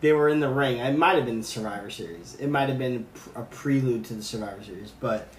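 A man's voice: medium pitch, quick pace. A man hosting a casual podcast chat, laid-back and chatty, swearing casually. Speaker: podcast host. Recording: echoey room, faint background noise.

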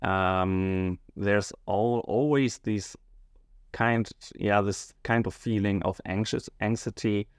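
A male schoolteacher answering interview questions hesitantly, often pausing and searching for words. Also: on the low side, fairly even intonation, smooth, no room sound, studio quality. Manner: hesitant, many fillers and restarts, searching for words.

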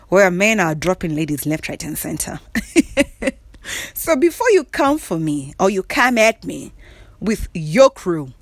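A woman's voice: mid-range voice, no room sound. Sassy lady ranting from bed, voice jumps all over, dry no room sound. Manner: sassy, emphatic, frequent laughs and throat clearing. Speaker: vlogger. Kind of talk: casual monologue to camera. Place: in bed at home.

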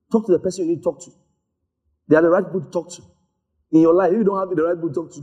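A man preaching a sermon, telling stories in an animated way and slipping into voices for the people in them. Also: high-pitched. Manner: animated storytelling, acts out voices.

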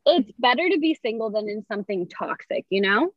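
A woman's voice: a little high, very animated, brisk, no room sound. A young woman in casual chat, frank and wry, giving her friend advice. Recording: dry, slightly dull sound.

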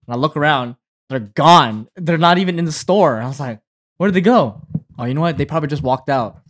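A man's voice: a little high, expressive, fairly quick. A young man co-hosting a casual podcast, telling a story and acting out his younger self. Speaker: podcast co-host.

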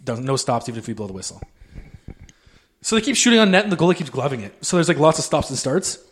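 A man's voice: mid-range voice, very animated, fast talker, breathy edge. A man co-hosting a casual podcast, rambling in an easygoing way and swearing now and then. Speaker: podcast co-host. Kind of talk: casual chat.

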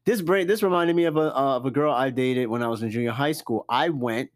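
A man hosting a casual solo podcast, reading out a list and reacting with loud, profane, joking comments. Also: mid-range voice, brisk. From New York. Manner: animated, cussing, jokey reactions to a list. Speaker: podcast host.

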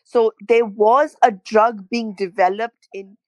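Brief: middle-aged woman, earnest and halting, a bit high, dry close sound. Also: fairly even intonation, a little mellow, no echo, poor audio. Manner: halting, repeats words, emotional and earnest. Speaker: parent of a child with a rare illness, interview guest. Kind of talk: emotional personal interview.

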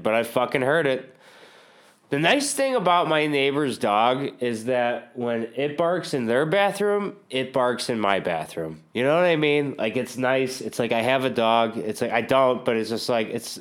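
A man's voice: mid-range voice, a bit bright. A man in a casual, rambling monologue, cursing often and sardonic, trailing off mid-thought.

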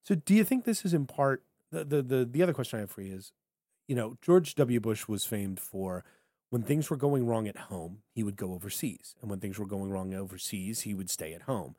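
A man co-hosting a podcast in casual political banter, animated and jokey, slipping into funny voices for quotes. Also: on the low side, fairly quick, dry recording, clean studio sound. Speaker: podcast co-host.

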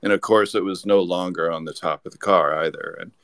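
A man's voice: sits low, fairly even intonation, brisk, a bit bright, smooth, no echo. A man telling a rambling anecdote as a podcast guest, with lots of restarts. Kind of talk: casual storytelling.

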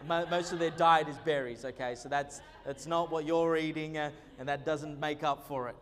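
A man preaches in an animated, joking way, stumbling over fillers as he builds his points. His voice sits high for a man. The sound rings with the long echo of a church hall. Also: moderate pace. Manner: animated preaching with humorous asides and many fillers. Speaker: pastor. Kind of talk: sermon.

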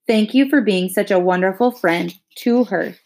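Woman reading as a crying dad, halting and broken up, storybook reading. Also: sits high, a little mellow. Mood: tearful. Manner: voice breaking, halting. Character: tearful grieving father Bill.

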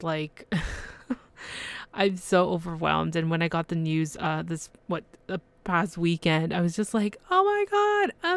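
A young woman hosting her solo podcast, gushing and excited, with lots of fillers and restarts. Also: lowish voice, gravelly, dry recording. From Canada. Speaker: podcast host. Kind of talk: casual solo podcast chat.

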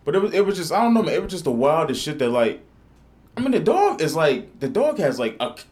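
A man hosts a casual podcast from a studio, swearing freely as he tells a story. His pitch swings widely and his delivery stays animated throughout. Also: quick pace. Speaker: podcast host. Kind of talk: casual chat.

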